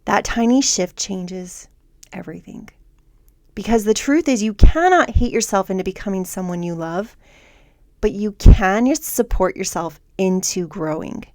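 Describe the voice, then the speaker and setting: A woman hosting a self-help podcast, speaking in a calm, measured and encouraging way through a scripted monologue. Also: mid-range voice, no echo, clean studio sound. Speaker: podcast host.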